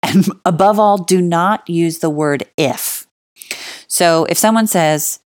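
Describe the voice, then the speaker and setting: A woman's voice: lowish voice, slow, a little mellow, clean tone, no echo, clean studio sound. A woman giving casual spoken advice, stressing key words firmly and chatting with fillers like "like" and "you know". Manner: emphatic, stresses key words, acts out example dialogue. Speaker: relationship advice speaker.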